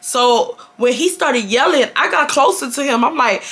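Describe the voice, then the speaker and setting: A woman in her twenties from Houston, Texas, telling a high school story to her viewers in a casual, animated way with lots of slang and swearing. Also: normal speed. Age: 20s. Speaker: storytime vlogger.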